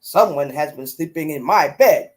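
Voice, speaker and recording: A woman reading a storybook aloud and voicing a big, gruff father bear. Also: low-pitched, expressive, moderate pace, darkish tone, pitched below the performer's own voice.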